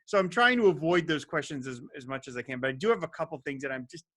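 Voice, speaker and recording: Male podcast host, bright higher voice, eager and self-deprecating. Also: lively intonation, quick pace. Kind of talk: interview chat.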